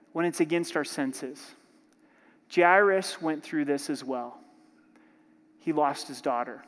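Preaching man in a reverberant hall. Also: a little high. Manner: emphatic preaching, dramatizes prayers aloud, jokes with congregation. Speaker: pastor. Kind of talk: sermon.

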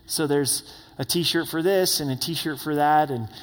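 A man's voice: on the high side, measured pace, in a large hall. A man preaching a sermon as pastor, conversational, with tag questions and voiced quotes. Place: church sanctuary.

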